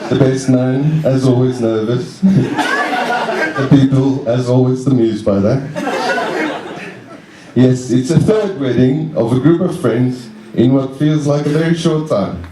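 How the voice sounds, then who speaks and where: A young man giving a best man's wedding speech, halting and self-deprecating, chuckling along with his own jokes. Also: mid-range voice, heavy background noise. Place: wedding reception room. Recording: roomy echo, mic at a distance.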